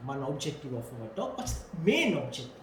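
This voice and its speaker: A Sri Lankan English man lectures with a very lively, swooping delivery, repeating key points and questioning his class. His voice rings around a roomy lecture room, with a faint murmur of ambience underneath. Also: medium pitch, quick pace, background noise. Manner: animated, repeats key phrases, asks students questions.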